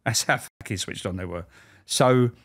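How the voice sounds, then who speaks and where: A former prison officer telling stories in a blunt, sweary, rambling way in a casual interview. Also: male voice, lowish voice, normal speed.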